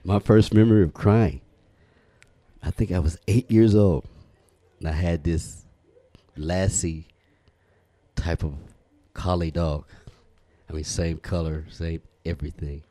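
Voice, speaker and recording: A man with a very low, dark voice speaks in a folksy, preachy way. The sound is dry and close, with no room around it. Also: steady tone, unhurried, pauses often, dry recording. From United States. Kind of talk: casual timed monologue.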